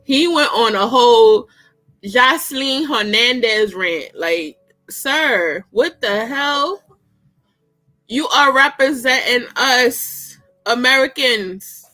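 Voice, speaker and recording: A woman talks through a debate in a slow, unhurried way, her voice bright and a little high. She is slangy and exclaims a lot, breaking into laughter often. Faint music plays behind her. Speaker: vlogger reviewing a political debate. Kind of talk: casual commentary.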